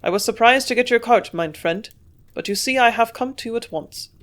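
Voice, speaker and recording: A burly older German doctor of few words, heavy accent, speaking in grunts and growls. A woman puts him on in a storybook reading. His lines come out gruff and a little raised. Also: a little high, a little fast, pitched above the performer's own voice, lightly acted. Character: older German male chemist, gruff and terse.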